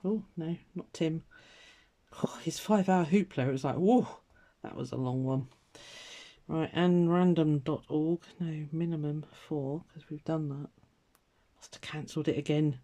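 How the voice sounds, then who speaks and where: A woman's voice: low voice, unhurried, warm tone. A woman chatting casually to viewers while she colours, self-mocking and muttering to herself with little laughs. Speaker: colouring vlogger.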